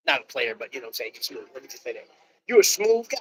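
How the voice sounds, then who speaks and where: A man's voice: on the high side, sing-song, a little fast, fairly bright tone, rough recording. An American man hosting a casual live chat from a busy restaurant, joking and slangy, talking into a phone. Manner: slangy, joking, calls viewers bro. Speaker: livestream host.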